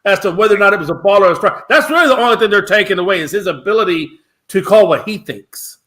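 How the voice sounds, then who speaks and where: Rambling, opinionated male sports co-host with a high, bright voice. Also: animated, fast. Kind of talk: casual sports talk.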